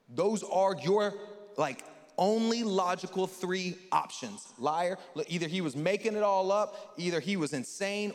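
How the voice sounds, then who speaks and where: Male pastor, fairly high voice, dynamic sermon delivery, long hall reverb. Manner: animated preaching, voice rising loud then dropping quiet. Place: church sanctuary. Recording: large hall with long reverb, soft music behind.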